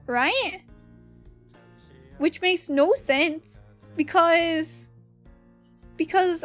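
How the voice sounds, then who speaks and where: A woman's voice: sits high, a bit bright. A young woman with a Valley girl accent, chatting casually on stream while drawing, giggly and full of "like" fillers.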